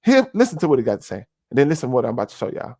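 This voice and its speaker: A man's voice: medium pitch, huge pitch swings, racing, mellow, no echo. Preachy man, close dry mic. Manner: preachy, repeats "family", heavy fillers. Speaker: commentary streamer. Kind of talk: casual conspiracy commentary.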